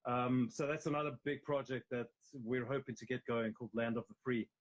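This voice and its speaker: A man with a South African accent talks casually and emphatically, circling back and restarting his sentences. His voice sits at an ordinary middle pitch. The phone-stream sound is a little dull and lo-fi. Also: fairly even intonation, brisk. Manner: rambling, emphatic, frequent restarts. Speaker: actor guest. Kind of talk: casual interview chat. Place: at home on a live video call. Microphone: mobile phone live stream.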